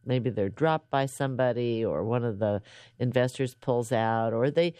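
A woman with a low voice hosts a radio interview, introducing her guest and asking measured questions. The recording is dry and close to the mic. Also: dark tone, clear, resonant tone, no echo. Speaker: radio show host.

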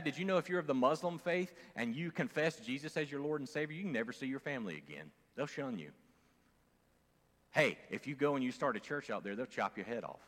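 A male pastor preaching a conversational sermon, moving from loud emphasis to quiet asides, with fillers and restarts. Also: medium pitch. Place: church sanctuary. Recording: long church hall reverb.

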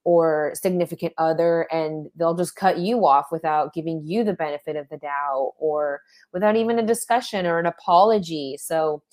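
A woman's voice: low-pitched, moderate pace, hardly any pauses, a little mellow. A young woman co-hosting a podcast, rambling with many fillers. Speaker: podcast co-host. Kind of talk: casual podcast chat.

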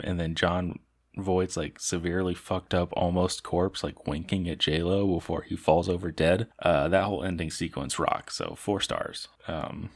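A young man giving casual, rambling movie reviews, tired and worn out, swearing freely and laughing between his thoughts. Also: sits low. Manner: rambling, loose, profane, with fillers and laughs.

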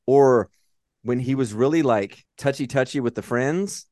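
A man's voice: medium pitch, a little slow, darkish tone, no echo, clean studio sound. A man co-hosting a podcast, chatting casually about movies, rambling, swearing and acting out scenes. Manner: rambling, swears, acts out characters in quotes. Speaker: podcast co-host.

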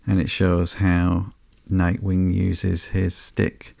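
A man hosting a podcast, reading through a comic book in a slow, sleepy, monotone way with soft fillers. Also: low-pitched, creaky, dry recording. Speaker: podcast host.

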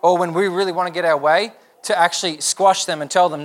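A man's voice: sits high, fairly even intonation, a little fast, hardly any pauses. A young adult man preaching a sermon as pastor, asking earnest repeated rhetorical questions.

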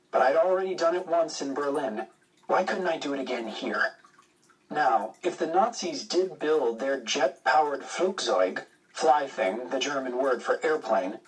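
A man reading a first-person adventure story aloud, with steady, measured narration. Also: a little high, distant mic, poor audio. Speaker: audiobook narrator.

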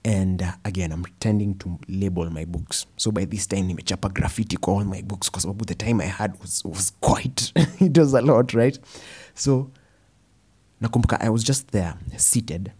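A young man with a Kenyan accent giving a personal storytelling talk, animated and slipping Swahili phrases into his English. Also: low voice, moderate pace, husky. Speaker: speaker.

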